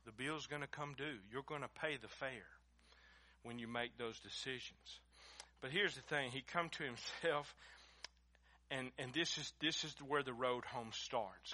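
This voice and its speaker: A man preaching a sermon, moving between quiet storytelling and loud, emphatic preaching in a folksy way. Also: mid-range voice, fairly even intonation, normal speed. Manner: swings from hushed storytelling to shouted preaching. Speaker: pastor.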